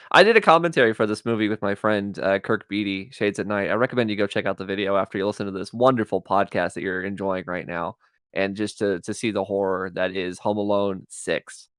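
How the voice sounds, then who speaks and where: A man's voice: lowish voice, fairly quick, fairly bright tone, clear, resonant tone, no echo. A man on a podcast, telling movie scenes with dry, wry humor and often acting out the lines. He sounds close and dry, with no room around him. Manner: dry, wry storytelling that acts out quotes. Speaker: podcast co-host. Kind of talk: casual chat.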